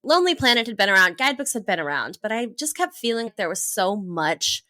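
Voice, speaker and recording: A woman from Hawaii, in her thirties, telling travel stories in a casual interview, lively and laughing often. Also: mid-range voice, fairly quick, no room sound. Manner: animated, laughs often, acts out her own past thoughts. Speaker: travel entrepreneur guest.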